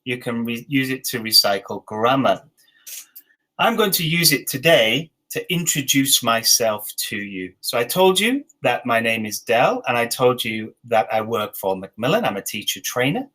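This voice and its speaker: A man in his forties with an English accent, leading an online teacher training session with slow, clear dictation and encouraging feedback. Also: medium pitch, very animated, bright, forceful tone, rough recording. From England. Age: 40s.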